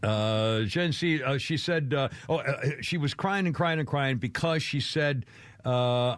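A man's voice: mid-range voice, a little slow, fairly bright tone, no room sound. An older man hosting a radio show, rambling through a self-deprecating chat with chuckling asides.

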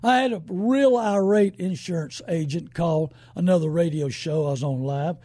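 A man hosting a call-in radio show, talking in a folksy, rambling way that builds to shouting. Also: a little high, normal speed, dry recording, studio quality.

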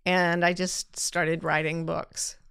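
A woman's voice: fairly low pitch, level tone, slow pace, vocal fry, fairly bright tone, clear, resonant tone, no room sound, clean studio sound. A woman hosting a talk, answering listener questions in a candid, self-deprecating way. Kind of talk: reflective casual talk.

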